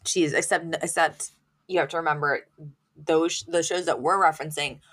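A woman with a fairly low voice chats through a TV episode on a podcast. She is casual and lively, slipping into the characters' lines and laughing as she goes. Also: normal speed. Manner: chatty, retells scenes acting out quotes, laughs often. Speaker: podcast co-host. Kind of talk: casual chat recapping a TV episode.

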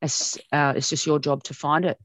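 A middle-aged woman with an Australian accent and a low voice, recalling her upbringing in a lively, story-driven way. She laughs often as she talks. The recording is close and dry. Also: normal speed, no echo. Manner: animated storytelling with frequent laughs. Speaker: broadcast journalist, interviewee. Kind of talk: reminiscing in an interview.

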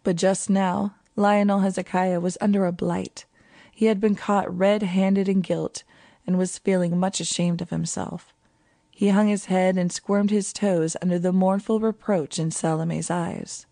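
Female audiobook narrator; calm, mellow, lower-pitched read, dry close sound. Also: measured pace, gravelly, no echo. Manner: calm, even storytelling. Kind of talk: scripted narration.

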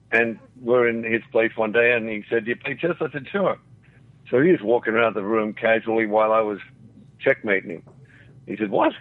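Lowish in pitch, this older Australian man, a former actor, rambles through storytelling as an interview guest. He chuckles and acts out quoted voices over what sounds like a phone-like radio line.

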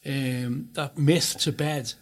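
A man's voice: medium pitch, fairly even intonation, takes it slowly. A man hosting a casual football chat, rambling with many fillers and restarts. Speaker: host.

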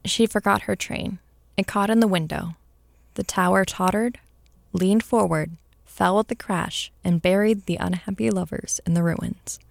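A woman narrating a story aloud in a measured, expressive reading. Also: mid-range voice, gravelly, no echo.

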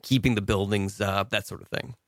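A man's voice: fairly low pitch, fairly even intonation, fairly quick, a bit bright, no room sound, studio quality. A man hosting a mock interview in an improv comedy bit, hesitant and full of fillers, with a wry tone.

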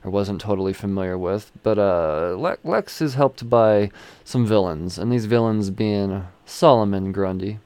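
A man's voice: fairly low pitch, a little slow, darkish tone, clean tone, dry recording. A man casually recapping a comic issue, rambling, swearing freely and chuckling as he goes. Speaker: comic book reviewer.

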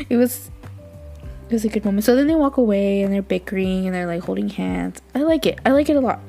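A woman's voice: mid-range voice, normal speed, vocal fry, warm tone, faint music behind. Chatty gushing woman podcaster. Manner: chatty, gushing, laughs often, fills with "like". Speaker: podcast host. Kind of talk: casual recap chat.

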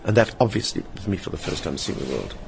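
An older man with a South African accent, appearing as an interview guest and stage performer in a hotel lounge, tells personal stories vividly and acts out the voices of people he quotes. His voice is low-pitched and creaky, with big pitch swings and a quick pace. There is slight background noise.

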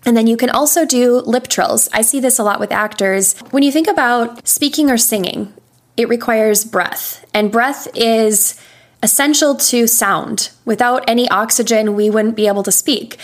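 A young adult woman voice coach patiently explaining vocal warm-ups in an interview. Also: a little high, moderate pace. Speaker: voice coach and session singer. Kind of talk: instructional interview answers.

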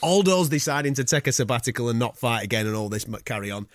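A man co-hosting a sports podcast in a matey, lively way, swearing freely. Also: mid-range voice, fast, no echo, clean studio sound. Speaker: podcast co-host. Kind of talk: casual sports chat.

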